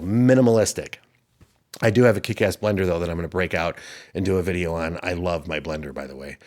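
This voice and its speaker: A man in his fifties hosting a podcast, giving a rambling, preachy motivational monologue. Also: lowish voice. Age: 50s. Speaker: podcast host.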